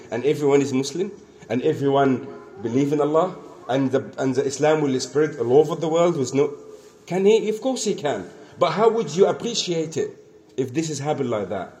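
Earnest man preaching, mellow voice. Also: on the high side. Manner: earnest, repetitive, acts out the dialogue of the story. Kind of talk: sermon storytelling.

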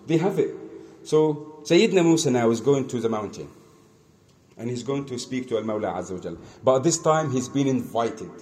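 A man preaching in English, telling a religious story in a conversational, halting way, acting out the dialogue. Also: medium pitch, warm tone. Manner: conversational, halting, many restarts, acts out dialogue. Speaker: Islamic preacher. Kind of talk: storytelling sermon.

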